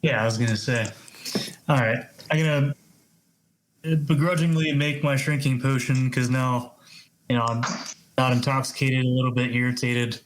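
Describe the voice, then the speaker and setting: A man's voice: mid-range voice, steady tone, moderate pace, pauses often, slight background noise, low-quality recording. A man playing a tabletop game, describing his actions with dry humor. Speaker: player. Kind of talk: casual tabletop play.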